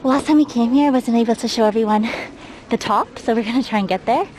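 A slightly high-voiced woman chats her way up outdoor stairs, out of breath and talking through a face mask. She greets viewers by name in a chatty, self-deprecating way. Clear outdoor noise runs under her voice. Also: fast, darkish tone. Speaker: travel livestreamer. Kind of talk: casual livestream chat, reading chat aloud. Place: outdoors, climbing stairs at a shrine. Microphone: wearing a face mask while talking. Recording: outdoor livestream with background noise.

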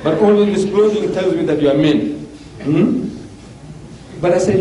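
A man's voice: fairly high pitch, moderate pace, long pauses, mellow. An older man, giving an emphatic public lecture full of rhetorical questions. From South Africa. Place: mosque hall. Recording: echoey hall from far off, faint hiss.

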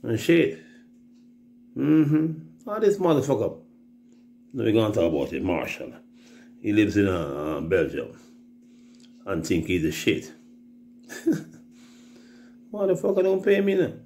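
A man's voice: on the low side, wildly swooping pitch, a little slow, vocal fry, pauses often, dark tone, slight background noise. A Jamaican man telling rambling, profane stories in casual chat, often mimicking other people's voices. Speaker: reggae artist telling stories on a livestream.

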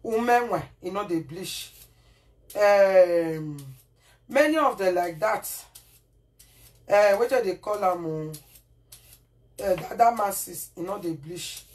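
A woman's voice: mid-range voice, lively intonation, takes it slowly, pauses often, a little mellow, far from the mic. A woman speaking Nigerian Pidgin in a home kitchen as she cooks for her vlog, scolding and repeating herself, often asking "Eh?". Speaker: cooking vlogger. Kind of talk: casual cooking vlog rant. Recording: voice from off the mic, faint noise.

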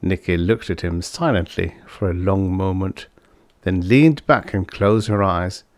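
A man narrating a vintage science fiction short story as an audiobook, in a measured storytelling manner. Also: low voice, no echo. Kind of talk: scripted narration.

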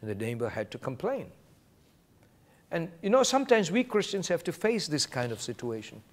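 Animated, lively-pitched man preaching. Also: normal speed. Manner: animated preaching, quoting scripture and acting out brief exchanges. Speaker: pastor. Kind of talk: sermon.

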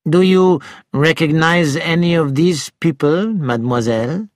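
A man voicing a calm middle-aged French police inspector, questioning a witness in a measured way. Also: fairly high pitch, no echo, studio quality, close to an everyday voice. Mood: probing.

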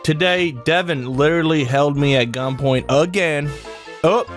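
A man's voice: on the high side, normal speed. A young man hosting a let's-play video, joking and rambling in casual gaming banter. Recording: game music playing behind.

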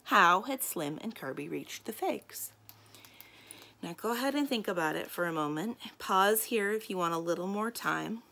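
Creaky-voiced librarian reading aloud. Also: female voice, medium pitch, normal speed. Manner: calm, inviting storyteller. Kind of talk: reading a children's book aloud.

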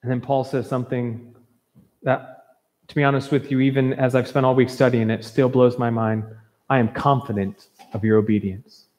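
A man's voice: mid-range voice, little pitch movement, moderate pace, darkish tone. Man, pastor, earnest emphatic sermon, conversational asides, long church reverb. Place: church sanctuary.

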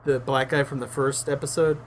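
A man's voice: mid-range voice, fairly even intonation, fairly quick, slight background noise. A man co-hosting a casual chat show, blunt and swearing often. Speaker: show co-host.

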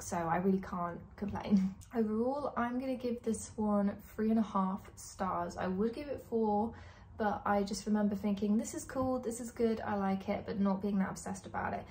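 A woman's voice: mid-range voice, mellow. A young woman in her twenties, a vlogger giving casual, candid book opinions with plenty of "like" and "um". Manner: chatty, candid, lots of likes and ums. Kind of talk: casual chat.

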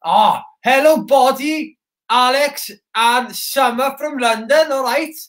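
This Welsh host speaks slowly at an extremely high pitch, in character as a soldier on a live interactive children's show. He is excitable and shouty, chatting with viewers, and the room adds a noticeable echo.

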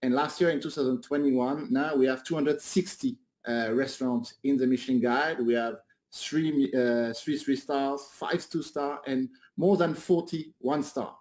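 A man guest in a radio interview, answering with many pauses and restarts. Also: mid-range voice, darkish tone. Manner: hesitant, many fillers and restarts. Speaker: guest, guide director.

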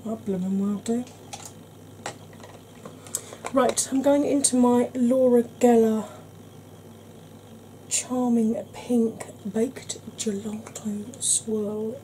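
A woman chatting gently through an ASMR makeup tutorial, calling viewers "darling". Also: on the high side, steady tone, slow pace, a little hiss or hum. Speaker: beauty vlogger.

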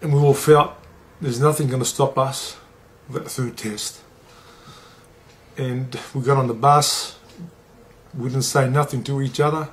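A middle-aged man recalls his playing days in an interview. He talks plainly, swears freely and acts out what others said, at an everyday pitch. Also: steady tone, unhurried. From New Zealand. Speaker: former rugby league player. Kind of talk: interview storytelling.

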